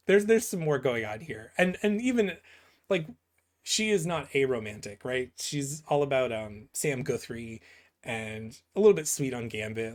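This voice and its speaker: A man's voice: mid-range voice, expressive, moderate pace. A man giving casual, rambling commentary on comic book pages, full of fillers and asides that end in "right?". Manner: rambling, filler-heavy, keeps asking "right?".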